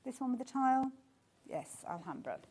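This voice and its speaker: A woman presenting a live shopping show, chatting warmly about the items and reacting to viewer comments with gushing enthusiasm. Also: high voice, sing-song, normal speed, slightly rough.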